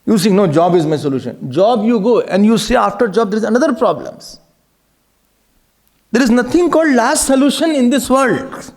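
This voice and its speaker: An Indian man speaks as a swami in a devotional talk, high-pitched and swinging widely in tone. A gravelly fry runs under his words, and he breaks into laughter as he tells jokes. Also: moderate pace. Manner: animated, laughs often, tells jokes, mixes in Hindi words. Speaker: swami giving a spiritual talk.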